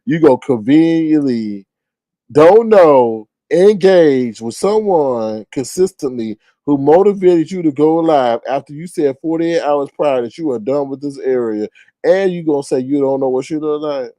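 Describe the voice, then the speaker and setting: A man giving casual commentary in an animated, slangy way, repeating phrases for emphasis. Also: fairly high pitch, measured pace, no room sound.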